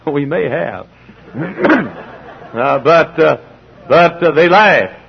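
Emphatic preacher, husky. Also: male voice, fairly high pitch, very animated, slow. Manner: emphatic preaching with repetitions, acting out dialogue. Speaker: pastor. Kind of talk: sermon. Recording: dull lo-fi sermon recording.

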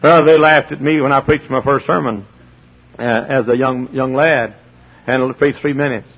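A man's voice: medium pitch, steady tone, moderate pace, husky. A middle-aged man preaching a sermon, emphatic, repeating phrases and acting out both sides of conversations. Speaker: pastor. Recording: dull lo-fi sermon recording.

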